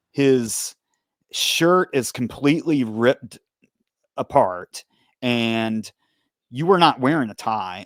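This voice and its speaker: Male host, ex-officer, even mid voice, leads the interview calmly, dead-dry studio. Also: mid-range voice, dry recording. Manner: steady, leading questions, recounting events. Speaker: podcast host, former police officer. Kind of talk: conversational interview.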